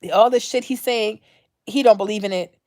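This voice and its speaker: A woman's voice: medium pitch, fairly quick, a little mellow. A woman hosting her own vlog, ranting off the cuff in a blunt, profane, slangy way and repeating her points for emphasis. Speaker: vlog host. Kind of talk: unscripted commentary rant.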